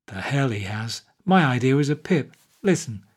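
A man's voice: mid-range voice, lively intonation, moderate pace, slightly rough. A man reading aloud and voicing a drunk, boastful middle-aged male playwright with slurred speech. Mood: rambling.

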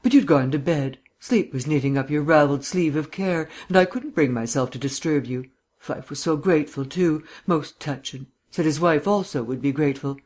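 A man voicing a suave, bantering gentleman sleuth with bland, mannered phrasing in an audiobook reading. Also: a little high, normal speed, close to an everyday voice.

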